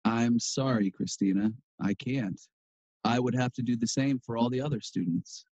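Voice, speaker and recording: A man's voice: medium pitch, normal speed, darkish tone, lo-fi sound, lightly acted. A man playing a firm, polite male teacher. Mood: calm. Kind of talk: textbook listening dialogue.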